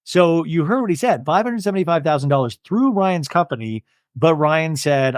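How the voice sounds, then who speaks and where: A man's voice: a little high, normal speed, dry recording, studio quality. A young adult man hosting a podcast, giving a casual, jokey recap of a TV episode and acting out quotes. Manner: animated, jokey, acts out quotes. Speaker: podcast host.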